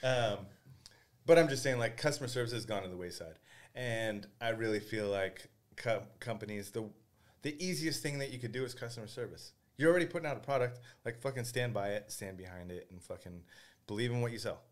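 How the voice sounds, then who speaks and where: A man's voice: mid-range voice, fairly quick. A man as a podcast guest in casual chat, swearing freely and acting out quotes as he tells stories. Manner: profane, animated storytelling with acted-out quotes.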